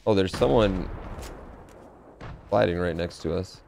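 A man's voice: sits low, measured pace, vocal fry, a little mellow, a little hiss or hum. A man playing as a teammate in a video game, chatting casually and swearing now and then. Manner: laid-back, swears casually. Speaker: teammate in a battle royale game. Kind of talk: casual gaming chat.

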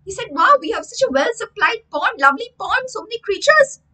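A high, piercing schoolteacher voice full of loud outrage, put on by a woman telling a story. She shrieks her disbelief in a bright, tense tone that sits well above her usual pitch. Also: sing-song, a little fast, full character voice. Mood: indignant.

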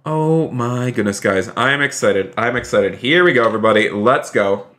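A man's voice: medium pitch, normal speed, fairly bright tone, a little hiss or hum. A man live-streaming a role-play game, chatting upbeat to his viewers and thanking donors. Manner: upbeat, chatty, addresses chat often.

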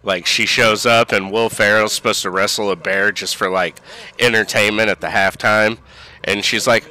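A man's voice: lowish voice, steady tone, normal speed, sharp tone. A man chatting casually while playing a video game, laid-back, swearing freely and laughing often. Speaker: let's play co-host. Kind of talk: casual gaming chat.

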